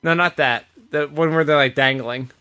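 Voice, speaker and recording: A man co-hosting a podcast, giving an animated casual recap with plenty of swearing. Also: fairly high pitch, normal speed. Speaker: podcast co-host. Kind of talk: casual chat.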